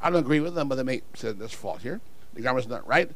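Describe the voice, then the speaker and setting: A man preaching a sermon, swinging from quiet, low asides to shouted calls to the congregation. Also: animated, quick pace, no room sound. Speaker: pastor.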